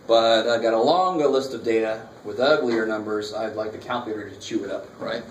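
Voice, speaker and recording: A man's voice: fairly low pitch, a little fast. Casual guy teaching math in a classroom, echoey room, mic kinda far, bit of background hum. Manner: casual, walks students through calculator steps, slangy. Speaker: math instructor. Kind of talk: classroom lecture. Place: college classroom.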